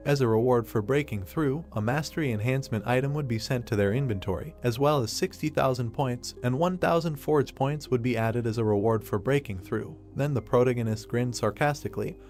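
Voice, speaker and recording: A man narrating a story recap from a script, reading at a steady, even pace. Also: medium pitch.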